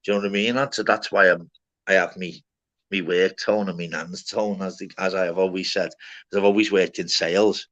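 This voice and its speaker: A low-voiced man chatting casually. He swears nonstop, rambles, and peppers everything with lad and mate. The audio is a touch dull and lo-fi. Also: fairly even intonation, a little fast, fairly bright tone. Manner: swears constantly, rambling and blunt. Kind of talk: casual chat.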